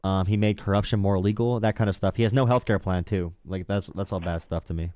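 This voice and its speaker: A young man runs a live political call-in, his voice sitting a little low and moving quickly. He stays calm and teasing, padding his points with fillers, recorded close and dry. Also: dry recording. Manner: calm, mocking, filler-heavy. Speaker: host.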